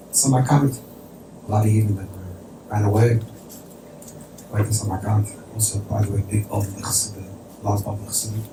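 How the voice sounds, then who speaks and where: A man, a rabbi, telling a story in a conversational sermon, sprinkling in Yiddish and Hebrew terms. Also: lowish voice. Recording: distant mic in an echoey room with faint noise.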